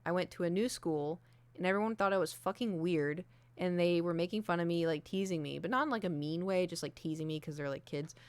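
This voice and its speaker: Young woman streamer, lowish smooth voice, candid rambling chat, dry close sound. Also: a little fast, dry recording. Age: young adult. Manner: candid, self-deprecating, many fillers. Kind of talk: casual chat. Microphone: desk mic with ring light.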